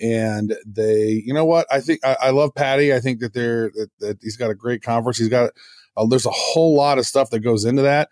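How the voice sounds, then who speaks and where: A man's voice: medium pitch, a little fast, a little mellow, no echo, studio quality. A man co-hosting a podcast in casual chat, talking with enthusiasm, rambling and restarting his sentences. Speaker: podcast co-host.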